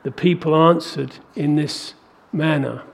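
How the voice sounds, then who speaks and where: This sermon comes from a man whose high voice is steady in tone, a bit slow, and creaky. His emphatic preaching swells to forceful peaks as he presses each point.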